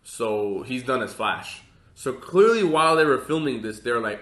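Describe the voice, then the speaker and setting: A man co-hosting a podcast in casual chat, opinionated and halting, with many fillers. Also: mid-range voice, sing-song, fairly bright tone. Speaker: podcast co-host. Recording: roomy echo.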